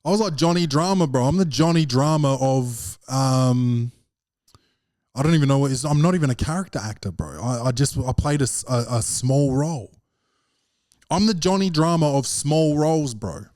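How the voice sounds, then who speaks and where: Hosting a podcast, an Australian comic rambles in a casual monologue, cursing freely and dropping slang, especially "bro," over and over. He has a mid-range, darkish voice with lively intonation at normal speed, and the studio recording is clean with no room sound.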